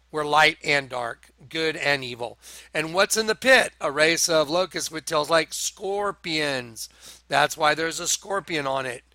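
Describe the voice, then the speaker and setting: Slow, insistent man with a bright voice. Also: fairly high pitch, no echo. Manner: repetitive, insistent, addresses viewers as folks. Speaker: online preacher. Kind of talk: slow, emphatic show-and-tell monologue.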